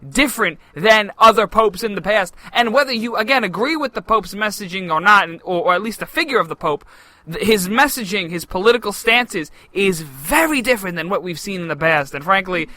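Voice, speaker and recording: Young man, co-host, brash joking banter, high voice, very bright tone. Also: lively intonation, dry recording, low-quality recording. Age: young adult. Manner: brash, joking, quick talker. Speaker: podcast co-host. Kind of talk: casual political banter.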